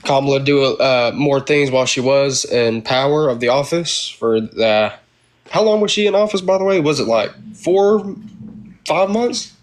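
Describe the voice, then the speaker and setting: A man's voice: medium pitch, lively intonation, normal speed. Easygoing man chatting as a caller. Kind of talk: casual chat.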